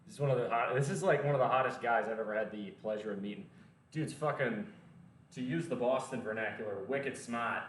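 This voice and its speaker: A man's voice: mid-range voice, a little fast, slight background noise. A man with a mild Southern US accent chatting casually and profanely while training at the gym. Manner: rambling, profane, joking. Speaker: lifting vlogger. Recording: very echoey room, from far off.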